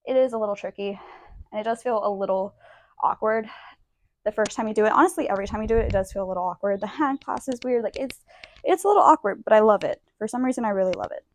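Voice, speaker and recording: A young yoga instructor talks quickly and expressively in a medium-pitched voice while demonstrating poses on a mat indoors. She's chatty and self-deprecating, a bit winded from the movement.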